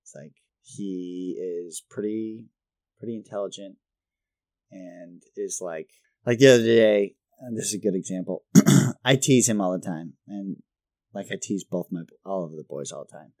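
A man in his thirties co-hosting a podcast, chatting casually and rambling, self-deprecating and quick to laugh. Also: low voice, mellow, no echo, studio quality. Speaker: podcast co-host. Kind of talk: casual chat.

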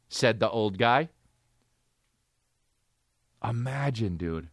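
A man hosting a comedy podcast, ranting in an incredulous, profane, animated way. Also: fairly high pitch, unhurried, no echo, clean studio sound. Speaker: podcast host.

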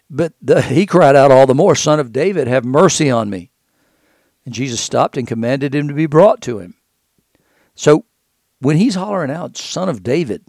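Gravelly-voiced man preaching a sermon. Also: mid-range voice, darkish tone, dry recording, studio quality. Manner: conversational, repeats words while thinking.

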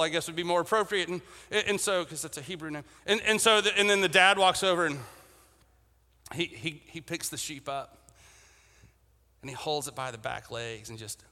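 A man's voice: high voice, sharp tone. A man preaching a sermon, telling a story and acting out its people's voices, with many restarts. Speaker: pastor. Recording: long reverb of a church hall.

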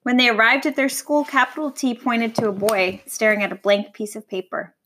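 A woman reading a picture book aloud to a young child, gentle and warm, stopping to ask the child questions. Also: on the high side, brisk, slight background noise, poor audio.

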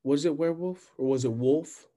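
A man, co-hosting a podcast, who tells crude stories and cracks his voice high when he's amazed. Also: moderate pace, dark tone. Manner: profane storytelling, voice jumps up when incredulous. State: coughing when he laughs. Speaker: podcast co-host. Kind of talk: crude casual chat.

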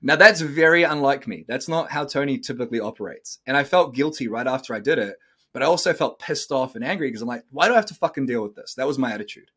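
A man's voice: mid-range voice, fast, fairly bright tone, slightly rough. A middle-aged man hosting a podcast, talking bluntly and coaching listeners, swearing freely. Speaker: podcast host. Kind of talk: casual podcast talk.

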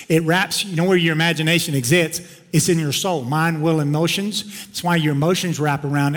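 A middle-aged pastor from Texas, preaching a sermon and swinging between loud urging and quiet personal storytelling. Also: male voice, on the high side. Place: large church sanctuary. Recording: long hall reverb in a sanctuary.

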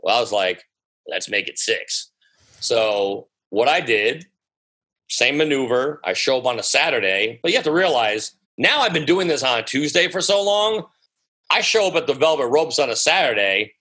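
American man, guest DJ, New sound, bright voice, animated storyteller who swears freely, casual interview telling. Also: medium pitch, normal speed, husky, rough recording. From United States. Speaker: guest DJ and producer.

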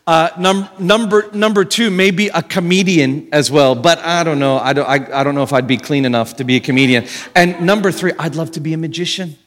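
Animated high-voiced man preaching a sermon. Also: brisk, hardly any pauses. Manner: animated, with dramatic gasps and shouts. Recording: long reverb of a hall.

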